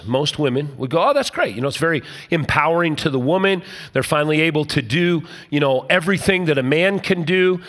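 A man's voice: high voice, a bit bright, in a large hall. An older man, a pastor, giving an emphatic sermon with humorous asides.

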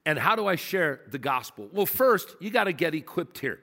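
A man's voice: on the high side, sing-song, normal speed, pushed and bright, in a large hall. A man preaching a sermon as pastor, emphatic and conversational, telling stories to his congregation. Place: church sanctuary.

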